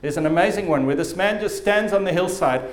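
A man's voice: sits high, a little fast, echoey room. A man preaching a sermon as pastor, telling stories vividly and with emphasis.

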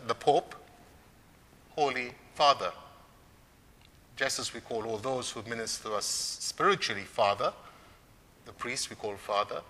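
Preaching on scripture in a church, a man speaks with a bright, forceful voice at medium pitch. His delivery is measured, rising for emphasis, and long reverb lingers after every phrase.

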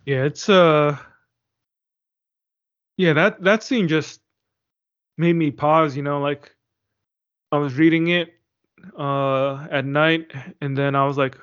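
A man's voice: on the high side, fairly even intonation, takes it slowly, pauses often, fairly bright tone, smooth. A man in a casual book discussion, talking in a hesitant way and searching for his words. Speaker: discussion participant. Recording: dull lo-fi sound.

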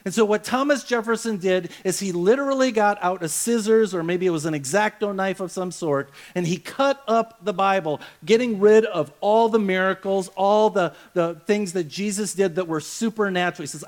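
High-voiced male pastor preaching casually. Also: normal speed, few pauses. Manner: casual storytelling, acts out quoted voices. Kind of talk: sermon.

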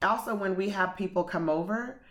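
A woman's voice: mid-range voice, moderate pace. A woman guest in a casual podcast chat, explaining at length with lots of fillers.

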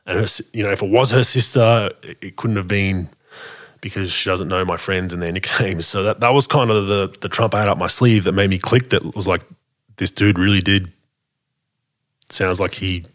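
A man telling a story in a casual way, animated and full of restarts, acting out the dialogue. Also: sits low, brisk. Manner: animated, acts out quoted dialogue, frequent restarts.

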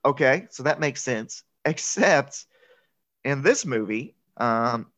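A man's voice: medium pitch, lively intonation, takes it slowly, a bit bright. A man hosting a casual chat, laughing often and filling gaps with "um" and "like" as he retells a film. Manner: chatty, laughs often, filler-heavy. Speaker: podcast host. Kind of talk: casual movie recap chat.

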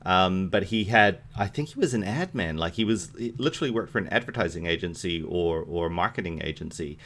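A man's voice: deep voice, expressive, a little fast, a bit bright. A man co-hosting a podcast, chatting casually and enthusiastically about films, swearing freely and trailing off into fillers. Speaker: podcast co-host. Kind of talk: casual movie chat.

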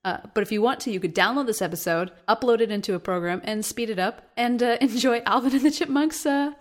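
A woman's voice: fairly high pitch, fast talker. A woman co-hosting a podcast in casual chat, chatty and giggly as she jumps between topics. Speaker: podcast co-host.

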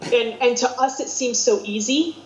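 A woman's voice: on the high side, normal speed. A woman with a Midwestern American accent talks in a loose, rambling, self-deprecating way. She jokes at her own expense as she goes. Her voice sits in a roomy space, with a dull, somewhat lo-fi sound. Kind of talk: casual chat.

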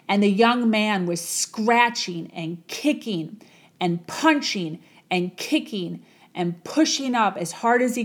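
A woman telling a motivational parable in a dramatic, repetitive storytelling manner. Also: medium pitch. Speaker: motivational speaker. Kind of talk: storytelling talk.

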